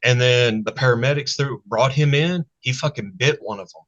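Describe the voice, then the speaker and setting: A man's voice: mid-range voice, moderate pace, a bit bright. A man guesting on a casual talk show, telling a story in a blunt, profane, matter-of-fact way. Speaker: guest, online channel host. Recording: dull lo-fi sound.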